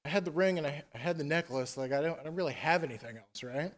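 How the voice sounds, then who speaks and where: A man's voice: on the high side, quick pace, long reverb tail, close to an everyday voice. A man voicing a desperate young queen who speaks hesitantly and pleads. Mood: pleading.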